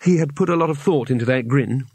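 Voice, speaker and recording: A man reading an audiobook aloud in a measured storytelling manner with wry timing. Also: medium pitch, vocal fry, darkish tone, slightly rough, no room sound. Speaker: audiobook narrator. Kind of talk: scripted narration.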